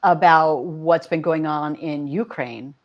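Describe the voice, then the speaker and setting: A woman's voice: low voice, takes it slowly, dull audio. A woman co-hosting a podcast in casual chat, earnest, listing facts and restarting sentences. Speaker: podcast co-host.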